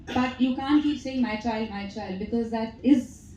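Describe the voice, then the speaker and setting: In an echoey press hall with faint background noise, a woman in her thirties with an Indian English accent answers questions at a press conference. She's an actress who tells chatty stories and laughs often, her voice a little high, a little slow, and warm. The recording is muffled and picked up from a distance.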